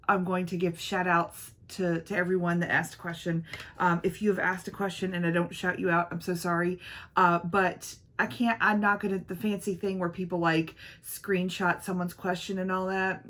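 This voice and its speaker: Filming on her iPhone in her home makeup room, a woman hosts a relaxed get-ready-with-me vlog, addressing viewers directly in a warm, meandering way. She's a beauty vlogger with a lowish, slightly bright voice.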